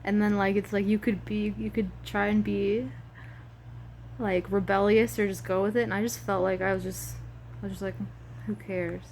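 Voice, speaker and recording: A woman's voice: medium pitch, level tone, normal speed, darkish tone, slight background noise. A woman vlogger chatting casually and emotionally about a video game, rambling with many fillers. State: tearful at times.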